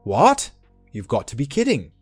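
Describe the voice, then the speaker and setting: A man reading as a sharp-tongued wife in her forties. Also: medium pitch, wildly swooping pitch, normal speed, husky, dry recording, soft background music. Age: 40s. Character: upset middle-aged wife, woman.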